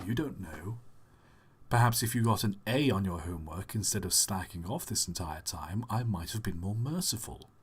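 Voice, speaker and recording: Man doing a stern, deep-voiced schoolteacher. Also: expressive, normal speed, breathy edge. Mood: scolding. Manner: stern, scolding. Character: strict old schoolteacher scolding a pupil.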